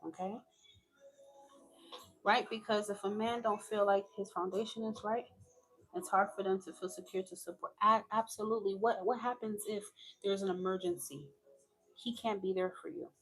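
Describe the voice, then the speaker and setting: A woman's voice: medium pitch, fairly even intonation, moderate pace, breathy edge. Chatty woman reading tarot. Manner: talkative, frank, laughs often. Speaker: tarot reader.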